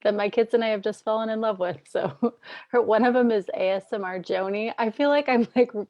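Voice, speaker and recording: A woman's voice: fairly high pitch, brisk, a little mellow, no room sound, highs cut off. A woman joining a workshop call, giggly and a little bashful as she chats with enthusiasm. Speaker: workshop participant. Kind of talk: casual chat.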